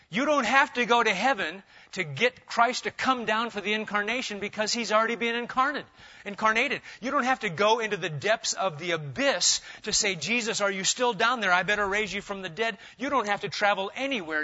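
A man with a high, bright voice preaches a sermon, rising to loud emphatic stretches and dropping to quiet asides. The recording sounds dull and lo-fi. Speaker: pastor.

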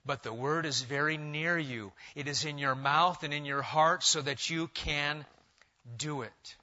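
A man with a high, bright voice preaches a sermon, rising to loud emphatic stretches and dropping to quiet asides. The recording sounds dull and lo-fi. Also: fairly even intonation, measured pace. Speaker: pastor.

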